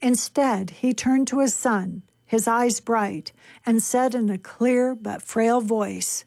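A woman reading a book aloud on a radio show in a calm, measured way. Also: fairly high pitch, gravelly, no room sound.

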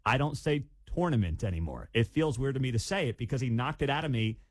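A man's voice: mid-range voice, expressive, fast. Man co-hosting morning talk radio. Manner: storytelling, playful. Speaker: radio co-host. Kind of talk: casual radio banter.

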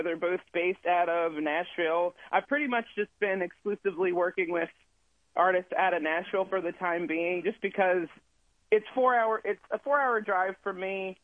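A man's voice: sits high, dry recording. A man, a touring musician, chatting casually as an interview guest over the phone, rambling and friendly with lots of fillers. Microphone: phone call. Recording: tinny dry phone line.

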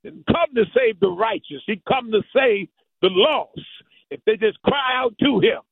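A man preaching a fervent sermon, rhythmic and repetitive, rising to high chanted peaks and dropping low again. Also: animated, unhurried, creaky, no echo. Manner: rhythmic preaching with repeated "thank you, Jesus". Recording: tinny lo-fi radio broadcast.

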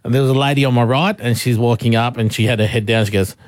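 Man, radio host, lively storyteller, laughs a lot, dry close studio sound. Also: medium pitch, fast talker, dry recording. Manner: animated, laughs often, acts out quotes. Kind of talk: casual storytelling chat.

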